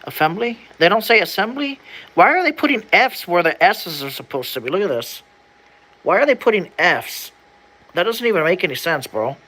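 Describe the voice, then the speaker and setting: Young adult streamer with a bright, ringing tone and mid-range pitch, chatting casually and stumbling as they sound out words. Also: very animated, moderate pace, poor audio. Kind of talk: casual livestream chat while reading an old document aloud.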